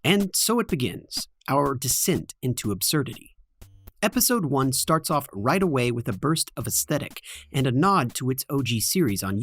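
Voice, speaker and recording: Wry man narrating a video essay. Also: mid-range voice. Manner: wry, joking asides. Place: home basement in front of green screen.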